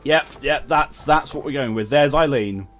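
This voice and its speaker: A man's voice: on the high side, normal speed, a bit bright, soft background music. A man chatting casually with viewers while streaming a game, blunt and given to swearing. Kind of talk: casual live-stream chat.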